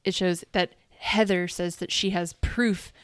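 A woman chatting casually as a podcast co-host, with a smooth, clear voice. She sounds relaxed and agreeable, and the dry, close sound has no room echo. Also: lowish voice, unhurried. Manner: relaxed, agreeable, lots of "like" and short affirmations. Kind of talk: casual recap chat.

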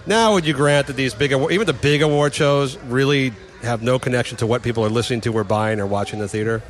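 Fast-talking opinionated man. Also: mid-range voice. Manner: fast, opinionated, laughs often. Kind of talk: casual chat.

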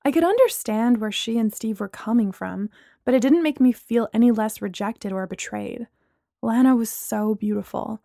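A woman's voice: fairly high pitch, moderate pace, gravelly, warm tone, no echo, clean studio sound. A woman in her twenties narrating a first-person audiobook story expressively.

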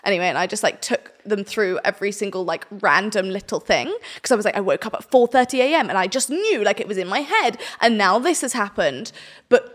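A woman's voice: mid-range voice, lively intonation, brisk. Chatty woman podcast host. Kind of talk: casual chat.

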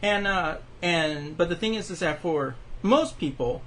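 A man's voice: on the high side, animated, unhurried, a bit bright, slight background noise. A man hosting a casual podcast chat, rambling with lots of fillers and restarts. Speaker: podcast host.

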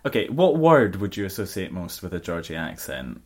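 Deep-voiced woman with dry teasing humor. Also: very animated, normal speed, slightly rough. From United Kingdom. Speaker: podcast co-host. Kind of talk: casual chat.

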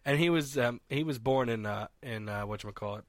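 A man's voice: medium pitch, a little fast, no room sound. A man co-hosting a casual chat, hesitant and full of fillers, often laughing.

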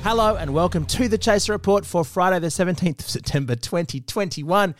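A man's voice: high-pitched, music in the background. Jokey man hosting a podcast. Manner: dry jokey delivery, quick quips. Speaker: podcast host. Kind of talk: comedic casual chat.

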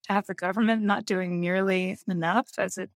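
A woman's voice: medium pitch, steady tone, normal speed, dry recording. A woman speaking candidly in a casual conversation, often laughing as she talks. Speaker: guest.

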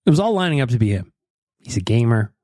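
Animated joking podcast host man. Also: mid-range voice, fast, no echo, studio quality. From North America. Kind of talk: casual podcast chat.

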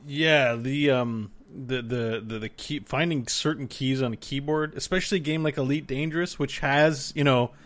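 A man's voice: mid-range voice, steady tone, normal speed, hardly any pauses, fairly bright tone. A man co-hosting a gaming podcast in casual chat, rambling with many fillers and casual swearing. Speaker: podcast co-host.

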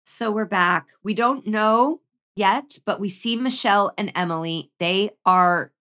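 A woman's voice: medium pitch, measured pace, sharp tone. A woman co-hosts a podcast, chatting through a show's plot. She sounds exasperated and conversational. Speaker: podcast co-host. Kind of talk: casual chat recapping a TV show.

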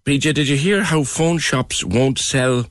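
A man's voice: medium pitch, measured pace. A man with a Cork accent hosting a local radio talk show, chatting about news and callers. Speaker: radio host.

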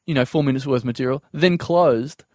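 A man's voice: medium pitch, fairly quick, darkish tone, no echo, studio quality. A man telling a comedy story in casual podcast chat, acting out quoted voices and laughing often.

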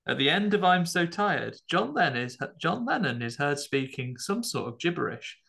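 A man co-hosting a horror film podcast, telling stories and dropping jokey asides in relaxed chat. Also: a little high, normal speed, creaky. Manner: jokey, storytelling, offers asides. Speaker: podcast co-host.

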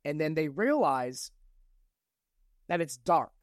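A man co-hosting a podcast, casually recapping a novel's plot and reading quoted lines aloud with lively emphasis. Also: on the high side, slow pace, no echo, studio quality. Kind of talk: casual book-recap chat.

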